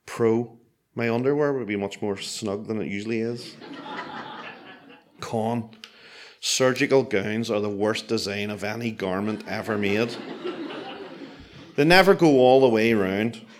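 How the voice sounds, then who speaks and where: Brief: man, lowish voice, dry deadpan storyteller, self-mocking comic timing. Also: unhurried, long pauses.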